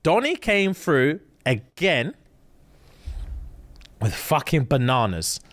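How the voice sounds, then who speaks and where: A young man, co-hosting a podcast and telling a story in a lively, slang-filled way, acting out other people's lines. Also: a little high, takes it slowly. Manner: animated retelling with quoted voices and London slang. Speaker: podcast co-host. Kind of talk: casual chat, storytelling.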